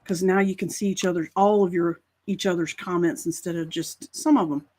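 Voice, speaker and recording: A woman's voice: lowish voice, fairly even intonation, a little fast, darkish tone. A woman co-hosting a live stream, with a Carolina Southern accent, chatting casually and laughing often. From North Carolina. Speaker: co-host.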